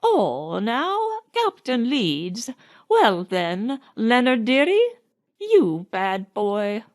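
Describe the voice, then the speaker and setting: A woman reading an audiobook voices a doting, scolding old nanny, high and wailing. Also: sing-song, heavily acted. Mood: fond scolding. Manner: high, slow, wailing and coaxing.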